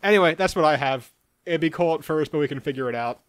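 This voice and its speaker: A man co-hosting a podcast, joking and chatty with quick asides. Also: fairly high pitch, noisy background. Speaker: podcast co-host. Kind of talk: casual podcast chat.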